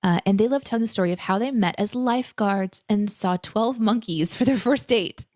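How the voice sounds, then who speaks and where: A young adult woman co-hosting a casual live stream from home, reading viewer questions and telling stories in an animated, chatty way. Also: medium pitch, moderate pace, no room sound, studio quality. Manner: animated, chatty storytelling with fillers. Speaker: co-host. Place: home room.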